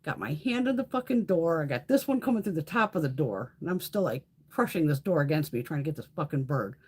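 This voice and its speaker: Husky-voiced woman, animated and foul-mouthed. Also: low voice, fast. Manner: animated storytelling with frequent swearing. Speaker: beauty livestream host. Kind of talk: casual chat.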